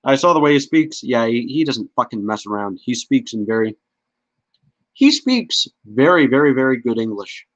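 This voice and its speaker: A man's voice: medium pitch, big pitch swings, normal speed, no room sound. A man hosting a casual podcast, talking bluntly with swearing and stammered restarts. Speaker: podcast host. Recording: dull lo-fi audio.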